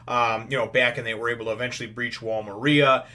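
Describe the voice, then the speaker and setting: A man's voice: medium pitch, fairly even intonation, fast talker, bright, forceful tone. A man hosting a casual anime review, recapping an episode in a rambling, conversational way with occasional swearing. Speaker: anime reviewer, show host.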